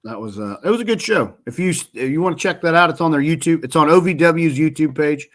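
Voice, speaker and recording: A man's voice: fairly high pitch, lively intonation, a little fast, a bit bright. A man co-hosting a casual podcast, rambling and correcting himself as he recaps wrestling results. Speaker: podcast co-host. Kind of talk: casual chat about wrestling.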